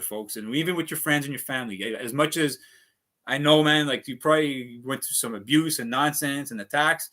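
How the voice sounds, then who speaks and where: A man's voice: medium pitch, sharp tone. A man giving a rambling, earnest motivational monologue to his viewers, swearing often and restarting his sentences. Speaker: vlogger.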